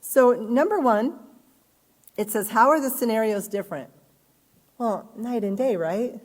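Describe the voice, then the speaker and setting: A woman teacher leading an online class, reading workbook scenarios aloud and acting out the quotes with lively delivery. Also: fairly high pitch, a little slow. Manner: animated, reads aloud and acts out quoted speech. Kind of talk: live online class lesson.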